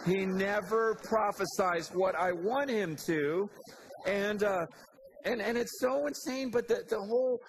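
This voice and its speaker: Male preacher, high and gravelly, animated, casual sermon retelling scripture with quoted voices. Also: a little slow, slight background noise.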